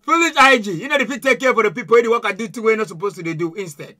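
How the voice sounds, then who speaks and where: A man hosting a music reaction video, talking loudly and excitedly in slangy, shouted commentary. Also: high-pitched, fast. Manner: loud, shouting, laughing, slangy. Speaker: YouTube music reaction host.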